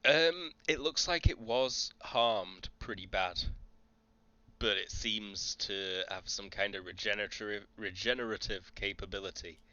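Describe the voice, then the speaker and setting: A man running a tabletop role-playing game as game master, narrating the action at an unhurried pace. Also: fairly low pitch, bright, forceful tone, no echo, muffled recording.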